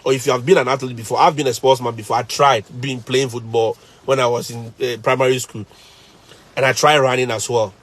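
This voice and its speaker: A man's voice: mid-range voice, steady tone, brisk, a bit bright. A man, a teacher and vlogger, chatting casually on a live stream, telling stories animatedly, laughing often and repeating phrases.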